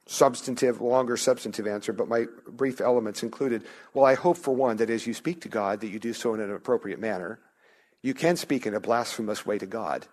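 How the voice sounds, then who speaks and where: A male pastor delivers a sermon in a voice of ordinary middle pitch. He speaks earnestly, stumbling and restarting sentences, then lifts his voice to press home a key line. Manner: earnest, with frequent restarts and rising emphasis on key phrases.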